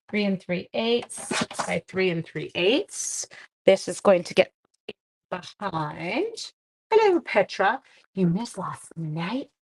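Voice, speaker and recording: A woman's voice: medium pitch, husky, poor audio. Woman, middle-aged, live craft stream, chatty, self-deprecating, talks while crafting. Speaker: card-making demonstrator.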